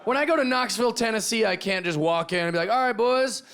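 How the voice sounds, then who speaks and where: High-pitched ranting stand-up comedian. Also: male voice, quick pace, clean tone. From Seattle, USA. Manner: energetic, ranting, frequent restarts and "right?". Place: comedy club stage. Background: audience laughter.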